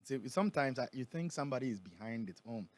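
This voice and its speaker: A Ghanaian man who is a prophet, speaking in a radio interview and reading scripture aloud, slowing down and building on the key words. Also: medium pitch, lively intonation, a little mellow, dry recording. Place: radio studio.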